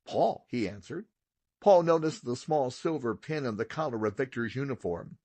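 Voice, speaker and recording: A man with a husky, slightly breathy voice reads a children's audiobook aloud in a steady, expressive way. His voice is recorded close and dry, with no room sound behind it. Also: mid-range voice, normal speed, no room sound. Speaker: audiobook narrator. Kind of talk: scripted narration.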